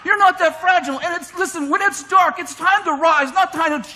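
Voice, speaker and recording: A man preaching a lively sermon, shouting his points and mimicking complainers in mock voices. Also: very high-pitched, a little fast. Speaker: pastor. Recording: long hall reverb from a church.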